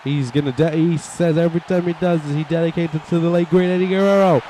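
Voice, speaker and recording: A man giving excitable play-by-play commentary over a wrestling video game and voicing the wrestlers' thoughts in quick asides. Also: fairly high pitch, a little hiss or hum. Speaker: gameplay commentator.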